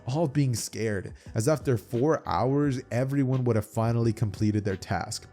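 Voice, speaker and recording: A man's voice: mid-range voice, unhurried, mellow, soft background music. A young man casually narrating a fan story, rambling with slang and restarts.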